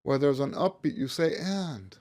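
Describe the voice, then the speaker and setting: A man's voice: a little high, animated, moderate pace, a little mellow. A man teaching a music lesson, counting beats aloud and stopping to rephrase himself as he explains.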